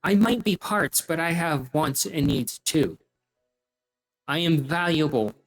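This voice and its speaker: A man's voice: on the high side, lively intonation, normal speed, creaky, poor audio. A man voicing a naive, cheerful female rat creature who talks in an eager, simple way. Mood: earnest.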